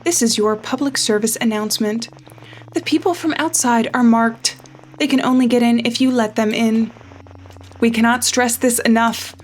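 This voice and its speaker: A woman voicing a stern emergency radio announcer in a game, speaking slowly and flatly with warnings. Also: on the high side, slight background noise, lightly acted. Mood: grave warning. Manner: slow, flat, warning delivery.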